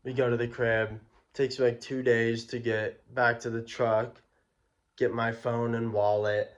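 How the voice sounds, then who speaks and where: A man's voice: medium pitch, unhurried, muffled recording. A young man telling a personal story in a casual, slangy, profane way. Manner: slangy, profane, animated retelling. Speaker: vlogger.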